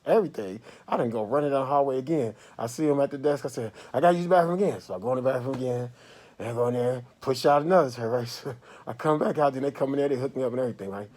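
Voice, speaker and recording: A man vlogging from a hospital bed, telling a casual, animated story to his viewers. His voice swings from low murmurs to loud outbursts. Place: hospital room.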